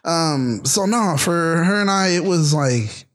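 A man of Haitian background, co-hosting a dating podcast, tells a story in an animated, casual way, often laughing and tossing in quick asides. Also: fairly high pitch. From Haitian family.

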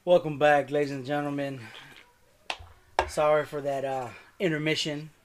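A man's voice: fairly high pitch, level tone, moderate pace, noisy background. A young man hosting a casual podcast, talking in slang and swearing playfully with his friends. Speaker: podcast host.

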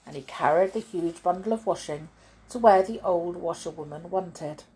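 Breathy, expressive woman reading a children's story. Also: on the low side, moderate pace. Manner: expressive, swooping emphasis.

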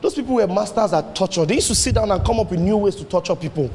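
A man preaching a sermon, animated and swinging his pitch up and down as he fires rhetorical questions at the congregation. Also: quick pace, slight background noise. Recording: long hall reverb, faint ambience.

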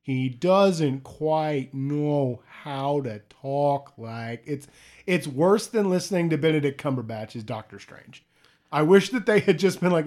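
A man co-hosting a podcast in loose, rambling chat. He swears freely, laughs often, and his voice sits slightly high. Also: lively intonation, a little slow, a little mellow. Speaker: podcast co-host. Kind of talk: casual chat.

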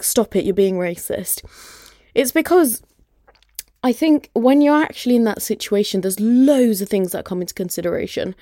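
A woman's voice: lowish voice, warm tone, no echo, studio quality. A young woman hosts a podcast and tells a personal story candidly, with lots of "like" and "you know". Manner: candid, conversational, many fillers like "like" and "you know". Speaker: podcast host.

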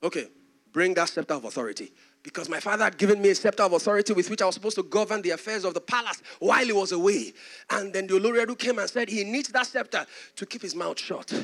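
High-pitched, gravelly Nigerian preacher. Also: male voice, fast, fairly bright tone. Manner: dramatic storytelling preacher who acts out the voices. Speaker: pastor. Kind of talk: sermon.

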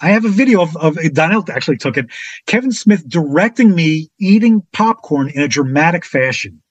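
A man as a podcast guest telling a casual anecdote in an animated way, acting out the other people's lines with big jumps in his voice. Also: a little fast, slightly rough, no room sound, muffled recording. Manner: animated, acts out quotes with big pitch jumps.

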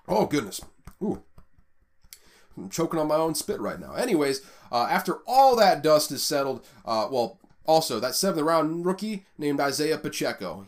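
Male podcast host, solo sports analysis, energetic and rambling, mid-range voice. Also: medium pitch. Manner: energetic, rambling, fillers and stumbles.

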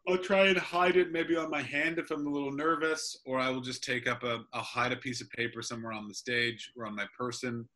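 A comedian talking casually over a video call, telling stories in an animated, self-interrupting way. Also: male voice, mid-range voice, fairly quick, few pauses. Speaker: comedian guest.

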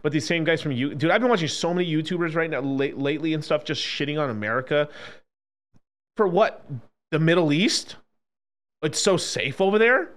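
Man, fairly high voice, lively swooping pitch, swearing rant, casual streamer. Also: fairly quick. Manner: animated, profane, swings between loud and low.

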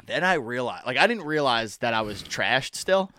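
A young man on a podcast telling a party story in casual chat, animated and profane, acting out his friends' lines. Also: medium pitch, normal speed, dry recording. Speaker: podcast co-host.

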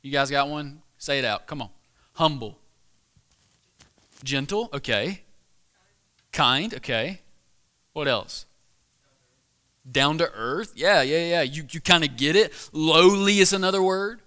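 Young pastor guy preaching, bright forceful voice, a bit high, chatty with lots of restarts. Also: moderate pace. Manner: casual, conversational preaching with many restarts and rhetorical questions. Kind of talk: sermon.

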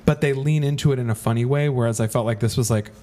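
A man's voice: medium pitch, fast talker, dark tone. A man co-hosting a podcast, chatting in an easygoing way about a movie and often agreeing with his co-host. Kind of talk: casual movie review chat. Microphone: remote podcast mic.

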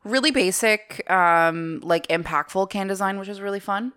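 A woman's voice: medium pitch, normal speed, fairly bright tone. A woman co-hosting a casual beer podcast, chatting in an upbeat, enthusiastic way. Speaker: podcast co-host. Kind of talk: casual chat.

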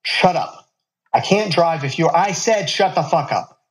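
A man's voice: fairly high pitch, unhurried, pitched above the performer's own voice, natural voice, rough recording. A man voicing a curt, tough young woman. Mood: snappish. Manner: curt, snappish. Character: tough hard-drinking young woman student.

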